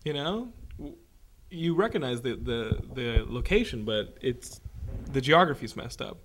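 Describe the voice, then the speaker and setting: A man hosting a casual podcast chat, excitable, laughing often and swearing casually. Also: medium pitch, unhurried, a little hiss or hum. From Texas. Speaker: podcast host.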